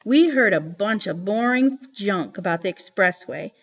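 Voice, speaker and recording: A woman reading a novel aloud in a lively storytelling manner. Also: medium pitch, a little slow, slightly rough. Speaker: reader. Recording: dull lo-fi recording.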